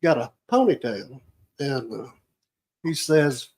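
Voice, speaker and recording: A man's voice: on the high side, unhurried, darkish tone, rough recording. A man, telling a rambling, folksy story as a guest on a radio show. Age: 50s. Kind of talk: storytelling in casual radio chat. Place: radio studio on location.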